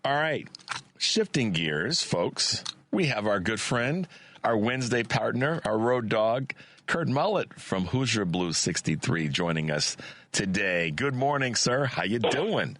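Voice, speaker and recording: A male radio talk host with a very low voice and a scratchy throat, heard on a dry, close studio microphone. He chats and reads sponsor spots energetically, full of restarts. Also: unhurried, no echo. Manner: energetic, many restarts and fillers.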